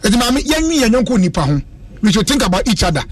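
High-voiced man hosting a radio chat. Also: sing-song, fast talker, breathy edge, no room sound. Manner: joking, preachy asides, mixes languages.

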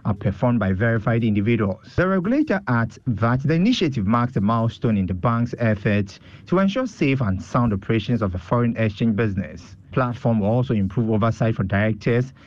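A man reading a news report in a measured, formal way. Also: medium pitch, animated, darkish tone, no room sound, dull audio.

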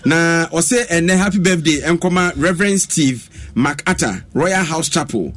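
A man's voice: on the high side, animated, a little slow, a bit bright. Man radio host, upbeat. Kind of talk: casual radio chat with on-air birthday shout-outs.

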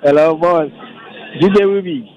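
A man's voice: on the high side, moderate pace, dull audio, crowd noise. A man on the phone with his girlfriend, affectionate and repeating his thanks. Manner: affectionate, repetitive. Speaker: caller's boyfriend on the phone.

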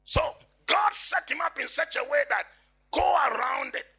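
A man preaching an impassioned sermon, swinging between quiet reading and shouting. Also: very high-pitched, animated, moderate pace, faint music behind.

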